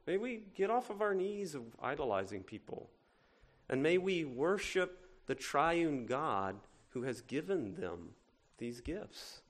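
A man with a Cajun accent mixed with a northern one, preaching a sermon in a church, talking to the congregation and asking rhetorical questions, at times loud and at times hushed. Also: fairly high pitch. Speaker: pastor.

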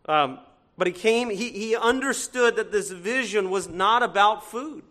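A man with a fairly high voice and a Cajun-meets-northern-US accent preaches a conversational sermon in church at a measured pace. He swings from loud to hushed while directing rhetorical questions at the congregation.

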